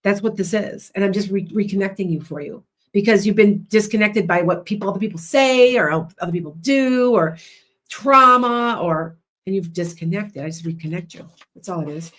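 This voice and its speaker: A woman hosting a livestream as a psychic and hypnotist, chatting loudly and rambling with many restarts. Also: medium pitch, normal speed.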